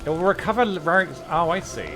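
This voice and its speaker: A man's voice: fairly high pitch, expressive, quick pace. Dry, offhand male streamer. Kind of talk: casual gameplay commentary. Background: game music.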